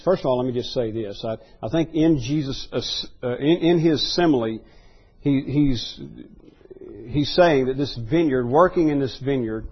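A man preaching a sermon verse by verse in a conversational way, often repeating words and pausing with fillers. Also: medium pitch, breathy edge, lo-fi sound.

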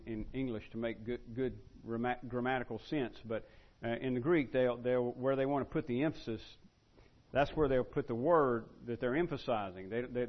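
A man preaching a teaching sermon in a conversational way, with many restarts and fillers, slowing down to stress key words. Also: medium pitch, lo-fi sound.

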